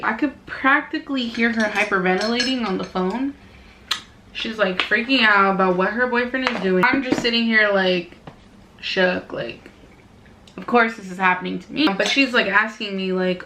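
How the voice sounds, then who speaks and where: A young woman retells a dating mishap in a chatty, dramatic storytime vlog, acting out the quoted lines as she goes. Her voice is bright and forward. The recording carries the echo of a small room and a faint hiss. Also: mid-range voice, moderate pace. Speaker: beauty vlogger. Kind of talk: casual storytime while doing makeup. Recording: echoey room.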